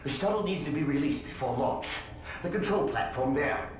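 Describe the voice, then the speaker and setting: A man's voice: a little high, expressive, moderate pace, natural voice. An actor playing an earnest, urgent older male scientist in a video game, pleading for help. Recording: very echoey game audio with faint noise.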